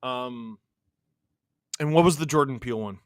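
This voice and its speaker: A man from Canada hosting a live hockey watch-along, mixing excited play-by-play with reading chat messages and shouting on big plays. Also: medium pitch, normal speed, smooth, dry recording, clean studio sound. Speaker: livestream host watching a hockey game.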